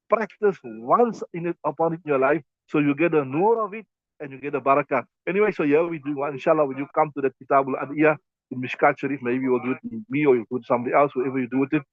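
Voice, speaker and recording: A man with a South African accent, a mufti teaching a hadith class in a conversational way, with quick Arabic recitation. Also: fairly high pitch, dry recording, dull audio. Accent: South African English.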